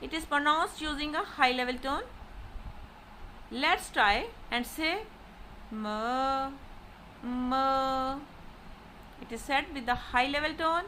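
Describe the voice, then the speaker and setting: A woman teaching a language lesson, giving careful instructions and repeating drawn-out model syllables for the learner. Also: high-pitched, bright, forceful tone, a little hiss or hum, low-quality recording. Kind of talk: slow recorded lesson.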